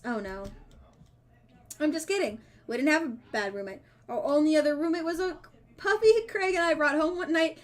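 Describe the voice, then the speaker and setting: A woman streamer reading a dating game's dialogue aloud, with playful asides and quick self-corrections. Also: high-pitched. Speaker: streamer playing a dating sim. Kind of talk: reading game text aloud with casual commentary.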